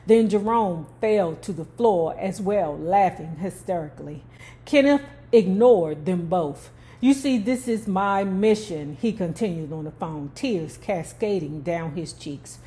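A woman's voice: on the low side, animated, unhurried, mellow. A woman telling a true story, reading it out and breaking off for casual, emphatic commentary. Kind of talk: storytelling narration with asides.

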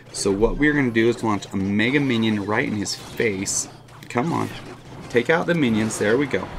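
Excitable man commenting on his gameplay. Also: lowish voice, noisy background. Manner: excitable, swings to frustrated outbursts and laughter; casual, says "oh my heck" and "dude". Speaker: gaming channel host.

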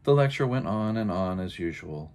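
A man reading a children's picture book aloud in an expressive, unhurried storytelling manner. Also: deep voice. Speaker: storybook reader.

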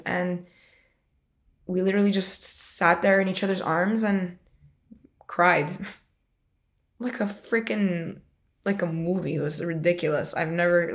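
A young woman in her twenties with a low, gravelly voice tells her own story in a loose, rambling flow. She stumbles through restarts and fills her sentences with "like." Her retelling carries plain emotion. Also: steady tone, unhurried, long pauses. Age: 20s. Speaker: interviewee sharing a personal story. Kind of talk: casual personal storytelling.

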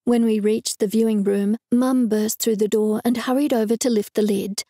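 A woman's voice: a little high, steady tone, normal speed, mellow, dry recording. A woman narrating a cozy mystery novel in the first person, in a wry, dry manner. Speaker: audiobook narrator.

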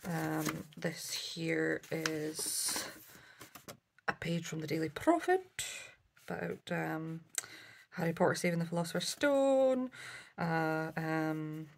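Her voice is low and creaky, moving slowly, with a little hiss or hum on the recording. She's a craft vlogger doing a casual haul, chatty and self-correcting, with lots of ums and side comments.

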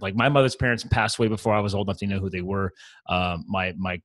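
A man's voice: sits low, quick pace, a bit bright, no room sound. A man talking as a podcast guest, earnest and open, telling personal stories casually with lots of "man" and "like". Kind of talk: candid conversational storytelling.

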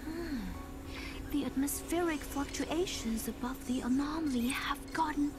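An actress playing an earnest, hopeful young female climate scientist in an animated short, over loud score music. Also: high-pitched, unhurried. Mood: alarmed.

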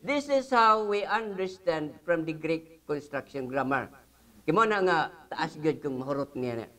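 High-voiced man teaching the Bible. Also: expressive, normal speed, a bit bright. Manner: mixes English with Cebuano, many hesitant fillers, emphatic scripture reading.

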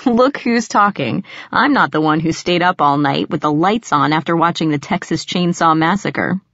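A woman's voice: low-pitched, normal speed, a bit bright, dry recording. A woman voicing a mischievous teenage boy, teasing and laughing at his neighbor. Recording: dry, slightly muffled.

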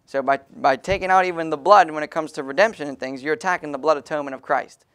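A man's voice: on the high side, fast, a bit bright, clear, resonant tone. A man preaching an emphatic sermon as pastor in a small church, calling on the congregation to read verses aloud.

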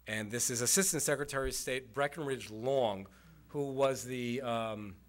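Male historian, public lecture, conversational explainer, mid-pitched voice. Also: fairly bright tone. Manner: conversational, explanatory, with fillers and asides. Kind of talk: lecture with slides. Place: community center presentation.

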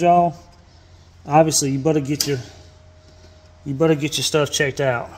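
A man's voice: fairly high pitch, fairly even intonation, moderate pace, pauses often, a little hiss or hum. A man from Georgia with a Southern accent, casually walking through a hands-on repair and talking folksily with lots of "y'all" and fillers. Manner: folksy, says "y'all" often, many fillers and restarts. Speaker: fishing channel host. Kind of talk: casual how-to demonstration.

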